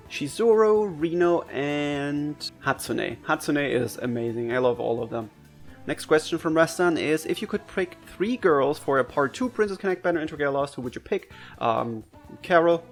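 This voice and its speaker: A man from Germany with a German accent, casually answering viewer questions for his gaming channel, chatty and quick to laugh, his pitch jumping up when excited. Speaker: gaming video creator.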